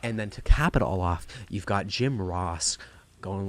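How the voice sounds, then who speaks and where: A man giving a rambling, gushing, profane wrestling review in a casual excited style. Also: low voice, unhurried, no echo.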